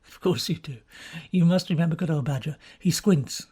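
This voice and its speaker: A woman's voice: deep voice, normal speed, warm tone, husky. A woman voicing an earnest, bluff young man, recently out of the Navy, in an audiobook. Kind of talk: audiobook character reading.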